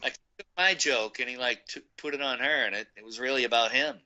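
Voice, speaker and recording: A man's voice: medium pitch, brisk, sharp tone, muffled recording. A man casually telling a rambling story, laughing often and acting out the people he quotes. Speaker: guest recounting a meeting.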